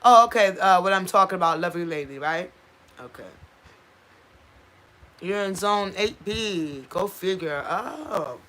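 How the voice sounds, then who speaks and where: A woman's voice: fairly low pitch, lively intonation, unhurried, long pauses, fairly bright tone. A woman hosting a casual livestream, chatting with viewers and reading out their comments, tripping over unfamiliar place names. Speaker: channel host.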